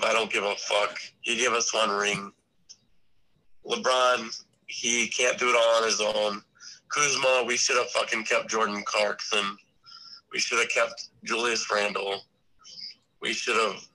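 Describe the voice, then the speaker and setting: A man's voice: mid-range voice, fairly even intonation, measured pace, bright, forceful tone, rough recording. A man calling in by phone, ranting angrily and swearing about his team. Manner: angry profane rant. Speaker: caller, Lakers fan.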